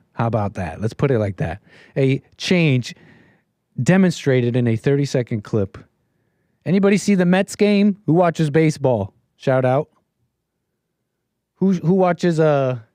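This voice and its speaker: Male live-stream host, rambling casual commentator at mid pitch, dry close-mic sound. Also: darkish tone, no echo. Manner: rambling, chatty, laughs at his chat, many restarts.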